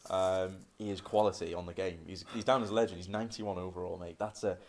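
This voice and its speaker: Brief: young guy, slightly low voice, slangy and jokey co-host. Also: steady tone, fast, darkish tone, a little hiss or hum. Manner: laughing, bantering, slangy. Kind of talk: casual chat.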